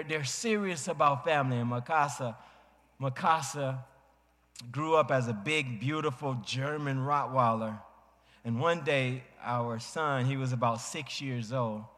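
A man preaching a sermon as a pastor, telling a family story dramatically and acting out voices with big swings in pitch. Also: a bit bright. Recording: long hall reverb.

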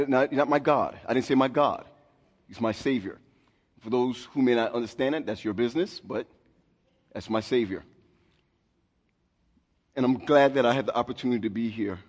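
Male pastor, 40s, mid-pitched, loose conversational sermon delivery, long church-hall reverb. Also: a little mellow. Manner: conversational, self-deprecating, with restarts. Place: church sanctuary.

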